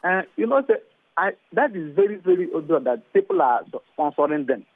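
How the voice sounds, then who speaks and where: A Nigerian man calling in to give his opinion, halting and repeating words as he gets heated, heard over a phone line. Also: fairly high pitch, lively intonation. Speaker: caller.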